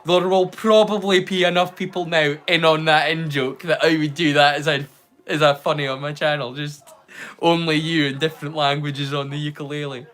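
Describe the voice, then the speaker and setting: A man's voice: on the high side, little pitch movement, normal speed, a bit bright. A man hosting a live movie watch-along, rambling casually with jokes and the odd swear word. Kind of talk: casual live-stream chat.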